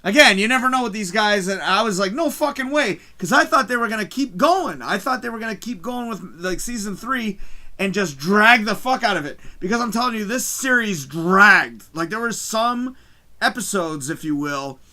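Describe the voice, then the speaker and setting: A man hosting a live stream from his home, ranting excitedly about a show, swearing constantly and shouting at the big moments, his mic distorting when he gets loud. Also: high-pitched, moderate pace. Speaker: livestream host. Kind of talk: excited live review rant. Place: home room, early morning.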